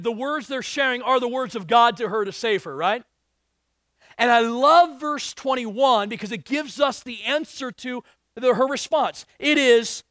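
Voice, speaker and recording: A man's voice: very high-pitched, fairly bright tone, no room sound, studio quality. A male pastor preaching a sermon, reading scripture and asking the congregation emphatic rhetorical questions.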